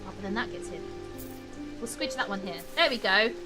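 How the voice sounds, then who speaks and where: With an animated, mid-range voice and a fairly quick delivery, a British woman chats away to her viewers during a game stream. Her desk mic and webcam also catch the game music.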